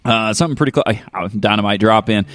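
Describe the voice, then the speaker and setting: A pastor from Kentucky with a thick Southern drawl hosts a podcast, chatting loosely and wandering off on tangents. His voice sits low. The sound is close and dry. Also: fast, fairly bright tone, no echo. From Kentucky, United States. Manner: rambling, jokey, lots of fillers and asides. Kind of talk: casual podcast chat.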